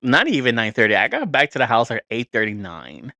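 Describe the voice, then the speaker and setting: A man's voice: mid-range voice, huge pitch swings, brisk, gravelly, pushed and bright, dry recording. A man in his thirties hosting a podcast, telling a story in a casual, profane, rambling and exasperated way. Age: 30s. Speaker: podcast host.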